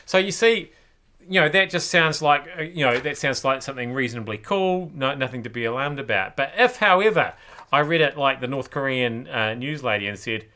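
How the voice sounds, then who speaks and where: Bright-voiced New comedy host. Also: male voice, on the high side, fairly quick. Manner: rambling, hesitant, wry asides. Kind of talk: comic news commentary.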